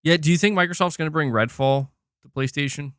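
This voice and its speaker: A young man hosting a casual live stream, excitedly thanking members and chatting while doing curls. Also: fairly high pitch, quick pace, no room sound, clean studio sound. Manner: excitable, reads out member gifts, chats while exercising. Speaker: livestream host.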